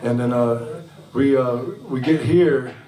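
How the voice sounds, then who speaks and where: A man's voice: medium pitch, slow pace, mellow. A man in the middle of his range tells a meandering road story to a crowd between songs. He swears casually and keeps breaking into chuckles. The sound is a live room recording from a distance, roomy and echoey. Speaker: singer-songwriter and bandleader. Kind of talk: between-song stage banter. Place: restaurant music venue on stage.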